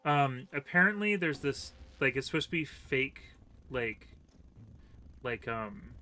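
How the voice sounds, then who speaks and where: A gaming channel host, this man talks slowly and expressively in a medium-pitched, sharp-toned voice. It's casual co-op gameplay chat, and he rambles with many fillers and chuckles.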